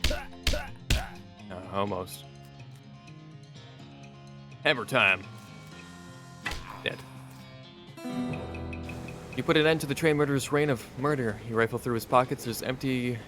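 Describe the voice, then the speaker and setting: A man's voice: medium pitch, moderate pace, long pauses, over music. A man streaming a game, reading its text aloud with wry, rambling asides. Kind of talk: let's play commentary reading game text.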